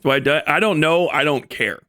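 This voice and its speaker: High-voiced man in a profane mocking rant. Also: brisk, bright, forceful tone, no echo, studio quality. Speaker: streamer host. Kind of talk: live stream commentary.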